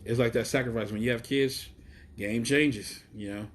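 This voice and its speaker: A man from Chicago hosting a casual live stream outdoors, talking in a profane, excitable, rambling way about wrestling. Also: mid-range voice, moderate pace. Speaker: wrestling show host. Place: outdoors in the heat.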